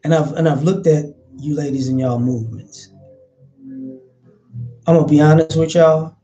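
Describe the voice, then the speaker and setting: A man's voice: a little high, steady tone, normal speed, dark tone, muffled recording, faint music behind. A man giving opinionated commentary in a vlog, blunt and profane, hammering his points with repeated phrases.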